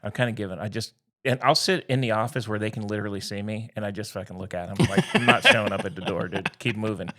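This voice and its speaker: A man's voice: lowish voice, steady tone, fast talker, hardly any pauses, sharp tone. A man in his fifties co-hosting a casual podcast, ranting grumpily and swearing freely. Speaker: podcast co-host.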